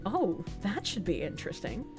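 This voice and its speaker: A woman's voice: medium pitch, sing-song, normal speed, faint music behind. A woman VTuber streamer chatting casually on a live stream and thanking donors, playful and bubbly with cutesy baby talk and sarcastic asides.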